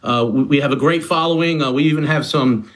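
A man's voice: on the high side, brisk, a bit bright. A man, a personal trainer guest, teasing the host and upbeat about his business. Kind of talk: casual phone chat.

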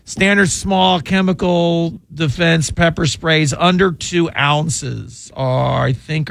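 A man hosting a talk radio call-in show as a criminal lawyer, hoarse from losing his voice, chatty and fond of quick jokes. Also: mid-range voice. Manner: chatty and jokey, with quick asides. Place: radio studio. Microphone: studio microphone.

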